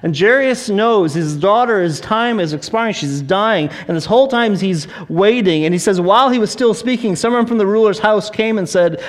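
A man delivers a sermon with lively storytelling, slipping into acted voices for the people in the story. His voice sits a little high for a man. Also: normal speed. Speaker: pastor.

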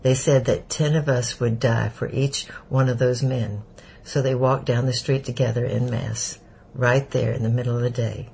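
A man voicing an elderly Jewish refugee who speaks with a German accent, slow, heavy and bitter. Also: medium pitch, fairly even intonation, vocal fry, darkish tone, slight background noise, lightly acted, low-quality recording. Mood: grim. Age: older. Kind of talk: audiobook character voice.

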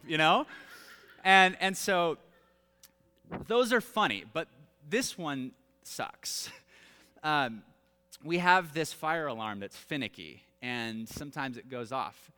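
A man in his thirties, a pastor telling humorous family stories in an animated, self-deprecating sermon, with long hall reverb. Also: on the high side, takes it slowly, pauses often, clear, resonant tone. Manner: animated, self-deprecating, with laughs and acted-out quotes. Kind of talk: storytelling sermon.

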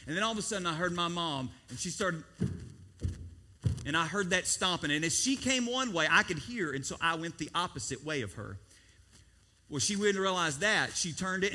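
A man's voice: high-pitched, bright, forceful tone. A man in his thirties preaching a sermon, telling a childhood story with acted-out quotes and questions to the congregation. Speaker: pastor.

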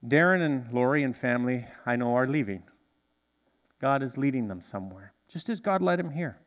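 Animated male pastor in a reverberant hall. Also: mid-range voice, normal speed. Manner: animated, with congregation call-and-response. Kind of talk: sermon. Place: church sanctuary.

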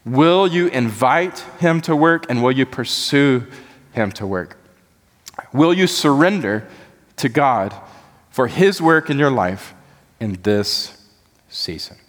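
A man's voice: medium pitch, lively intonation, takes it slowly, long pauses, big-room sound. A man preaching a sermon as pastor, earnest and building to impassioned emphasis.

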